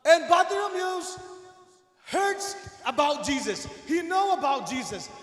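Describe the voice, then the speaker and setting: A man teaching children a Bible story, animated and often shouting, asking them questions along the way. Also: very high voice, a little slow. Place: church hall. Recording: echoey hall with long reverb.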